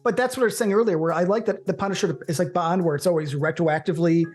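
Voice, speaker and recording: A man co-hosting a casual movie podcast, opinionated and animated, with profane banter. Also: high voice, fast, soft background music. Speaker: co-host.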